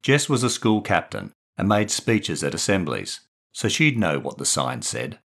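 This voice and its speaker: Man reading a children's story aloud. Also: deep voice. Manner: expressive, measured storytelling. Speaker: author and narrator.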